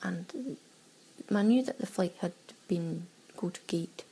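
Chatty Scottish woman with a gravelly voice. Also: fairly low pitch, slow, mellow, poor audio. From Scotland. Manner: chatty, laughing, breaks into quoted exclamations. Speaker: audio diarist. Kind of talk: casual travel audio diary.

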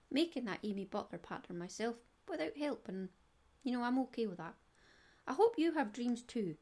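A woman's voice: a little high, darkish tone. Scottish lady rambling away on her knitting podcast, chatty, giggly, goes off on tangents. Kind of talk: casual solo podcast chat.

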